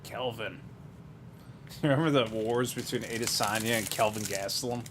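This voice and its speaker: A man's voice: lowish voice, normal speed, noisy background. A man breaking open trading card boxes, giving a casual, rambling running commentary that drifts into asides with small chuckles.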